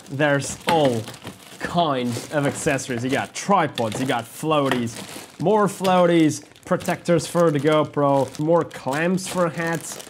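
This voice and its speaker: A man's voice: fairly high pitch, a little hiss or hum. A man, unboxing a product on his vlog in an upbeat, rambling way with restarts. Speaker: vlogger. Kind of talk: sponsored unboxing.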